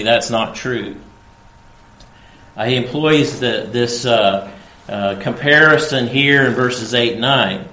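A man preaching an expository sermon, teaching slowly and deliberately with frequent fillers and emphatic quoted lines. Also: medium pitch, a bit bright. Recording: echoey room.

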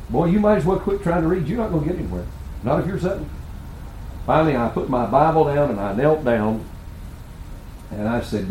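A man's voice: a little high, animated, a little fast, long pauses, a little mellow, slight background noise. An older man preaching a sermon to pastors, with earnest, folksy storytelling.

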